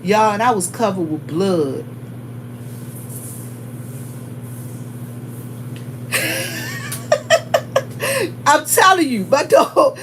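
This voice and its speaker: A woman's voice: medium pitch, very animated, normal speed, hardly any pauses, fairly bright tone, slight background noise. A woman hosting a casual livestream, chatting straight to her viewers and greeting them by name as they come in. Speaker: livestream host.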